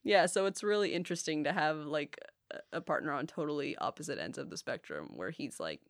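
A woman's voice: sits low, animated, brisk, creaky, no room sound, studio quality. A woman in her twenties, a podcast guest chatting candidly, laughing often and swearing casually. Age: 20s. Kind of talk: casual chat.

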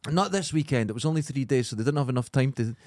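A man co-hosting a podcast, telling sweary anecdotes in a casual, animated way. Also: medium pitch, rapid-fire, no room sound, studio quality. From Scotland. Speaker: podcast co-host. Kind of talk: casual chat, storytelling.

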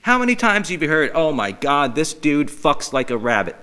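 A middle-aged man hosts a casual podcast, ranting in mock outrage and swearing freely. His voice is bright and ringing, and his pitch swings widely as he works himself up. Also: moderate pace, smooth. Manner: profane, animated, mock-outraged. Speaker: podcast host. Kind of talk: casual comedic podcast rant.

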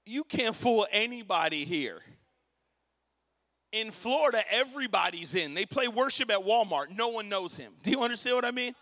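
Man, pastor, impassioned sermon, casual slang, bright sharp tone, long church reverb. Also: sits high, expressive, moderate pace. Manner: impassioned, storytelling, rising to shouts; casual slang like dude and bro. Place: church sanctuary.

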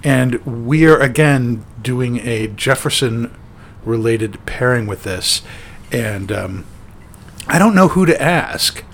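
A man's voice: medium pitch, animated, takes it slowly, a bit bright, slight background noise. A man hosting a casual chat show, rambling with many fillers and restarts. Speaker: podcast host.

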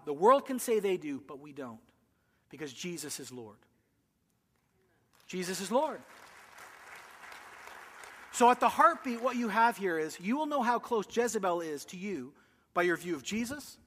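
High-voiced pastor preaching in a hall. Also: male voice. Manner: emphatic preaching with swings from loud to hushed. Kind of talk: sermon. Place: church.

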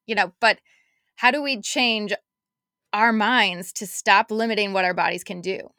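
A woman's voice: medium pitch, normal speed, sharp tone, no echo, clean studio sound. A woman co-hosting a casual podcast chat, reflective and chatty, often quoting her own inner voice. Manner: chatty, reflective, quotes herself in asides.

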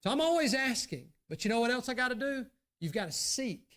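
A man's voice: very high-pitched, sing-song, fairly quick, fairly bright tone. A male pastor, preaching a sermon in a conversational way that rises into emphatic pleas.

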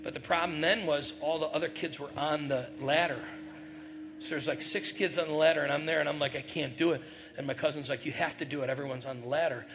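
Telling a story from his own life, this northern New York pastor in middle age acts out the voices and occasionally bursts out loud in a chatty sermon. He talks fast in a steady, higher-pitched voice over some background noise.

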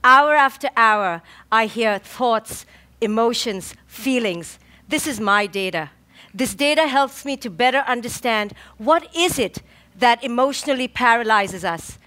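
A woman clinical psychologist giving an inspirational talk, slow and emphatic, with rhythmic lists and dramatic pauses. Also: a little high, expressive, pushed and bright.

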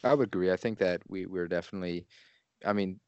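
Low gravelly guy on a movie podcast, slow to find his words, chatting casually. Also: a little mellow, dry recording, dull audio. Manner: halting, searching for words. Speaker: podcast co-host. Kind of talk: casual chat.

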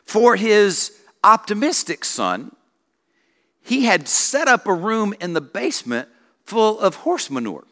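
A male senior pastor preaching a sermon, telling stories in an animated way. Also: high voice, takes it slowly. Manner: animated storytelling with acted voices. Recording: long reverb of a church hall.

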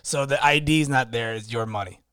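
A man with a mid-pitched voice co-hosts a casual podcast and pokes at his partner with quick what-if questions. His voice is recorded close and dry, with no room sound. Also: a bit bright, smooth, no room sound. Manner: prods with short questions and quick reactions. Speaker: podcast co-host. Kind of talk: casual chat.

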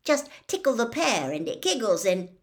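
A woman's voice: fairly high pitch, sing-song, moderate pace, voice pushed up. A woman doing a cheeky teenage prankster boy. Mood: teasing. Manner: cheeky, jokey.

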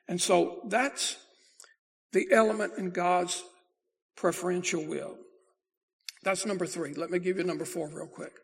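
A man preaching a sermon as pastor, folksy and emphatic, slowing down to stress repeated words. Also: high-pitched, gravelly.

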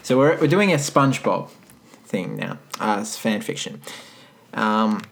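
A man casually reading a story aloud, breaking off for wry, deadpan comments. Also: on the low side, unhurried, vocal fry. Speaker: podcast co-host reading fan fiction.

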